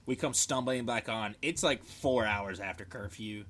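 A young man on a casual podcast, telling military stories in an animated, swearing way and shouting out the lines he quotes. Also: lowish voice, normal speed. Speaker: podcast co-host, military veteran. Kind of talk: casual storytelling chat.

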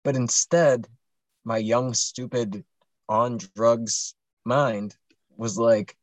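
A man's voice: medium pitch, steady tone, very slow, no room sound. A young man hosting a podcast, telling a long story casually with lots of swearing and fillers. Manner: rambling, profane, many fillers. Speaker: podcast host.

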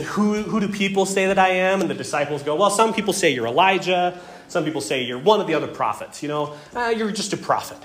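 A male pastor delivers an earnest sermon and works through scripture passage by passage. His voice sits slightly high for a man. He repeats words when he stresses a point and drops into hushed tones on tragic moments. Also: a little hiss or hum. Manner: dramatic swings between loud emphasis and hushed tones.

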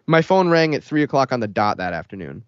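A man's voice: medium pitch, very animated, fast, smooth, no room sound. A man co-hosting a podcast, reading a horror story aloud in a casual manner, on a dull lo-fi recording. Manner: casual, laughs between lines. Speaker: podcast co-host. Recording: dull lo-fi sound.

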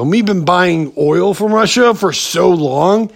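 A man talks slowly through a rambling, profane podcast rant. His voice has a gravelly, fry-laden edge, and he keeps stopping and restarting his sentences. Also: high voice, lively intonation. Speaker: podcast host. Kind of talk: casual ranting monologue.

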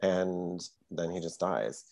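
Very low-voiced swearing podcast co-host woman. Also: slow. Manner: animated, swears, jumps into high quoted voices. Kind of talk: casual chat.

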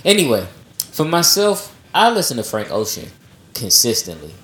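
A man's voice: mid-range voice, wildly swooping pitch, moderate pace, a bit bright, roomy sound, soft background music. A man co-hosting a casual podcast chat, teasing and pressing the others with questions. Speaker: podcast co-host.

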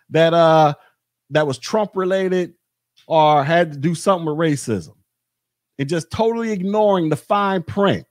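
A man's voice: high-pitched, dry recording, clean studio sound. A podcast host, a man, delivering a blunt, repetitive political rant in a monologue. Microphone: podcast mic.

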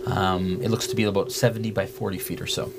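A man narrating as game master in a relaxed way, with many filler words. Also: low-pitched, fast talker, vocal fry, very noisy.

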